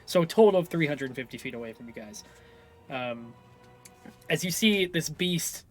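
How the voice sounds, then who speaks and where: A man's voice: on the high side, a bit bright, slight background noise. A man narrating as game master of a tabletop game, rambling and correcting himself as he goes.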